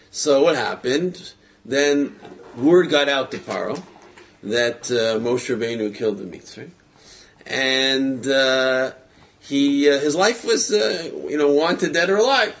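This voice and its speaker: A man telling a religious story in a casual, lively way, with frequent hesitations, fillers and chuckles. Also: medium pitch, measured pace.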